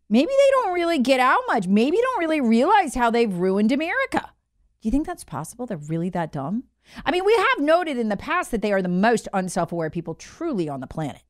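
A woman hosting a political commentary show, telling the story in a sarcastic, mocking way. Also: a little high.

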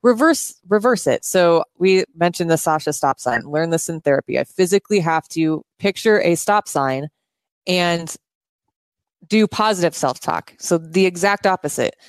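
Woman co-host, candid and self-mocking, lower pitch, dry close mic. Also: moderate pace, clear, resonant tone, dry recording. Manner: candid, laughs at herself, loses words. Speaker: podcast co-host. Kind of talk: casual chat. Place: indoors at her home.

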